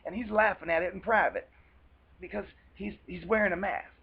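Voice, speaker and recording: A man's voice: high voice, fairly even intonation, fairly quick, vocal fry, phone-quality sound, a little hiss or hum. A man with a country twang giving a rambling, earnest advice talk for a video. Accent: American country twang. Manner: rambling, earnest, with many restarts. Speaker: vlogger. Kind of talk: casual advice monologue.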